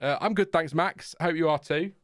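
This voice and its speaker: A livestream host runs a casual live watchalong in a slightly high voice at normal speed. He rambles and chats, filling gaps with fillers and laughter.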